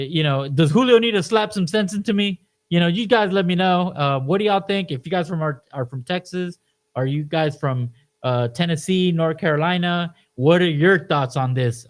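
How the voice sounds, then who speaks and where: Brief: male co-host, a bit high-pitched, lively and emphatic, casual storyteller. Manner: animated, emphatic storytelling, frequent "you know". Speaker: podcast co-host. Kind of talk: casual podcast chat.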